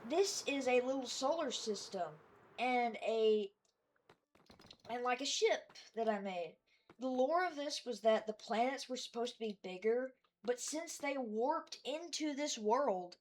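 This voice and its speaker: Expressive and measured, this higher-pitched woman talks through her game world in a relaxed voice-over. Hesitant and wandering, she fills it with fillers, restarts and self-deprecating asides about what she made.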